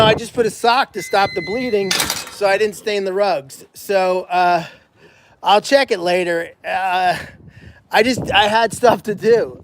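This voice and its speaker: A man with a notably high voice talks loosely and at length, circling back with restarts and fillers as he goes. There is a faint hiss of noise under his voice. He sounds like an animal sanctuary owner chatting live from the farm. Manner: rambling, frequent restarts and "you know" fillers. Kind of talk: casual rambling live-stream chat.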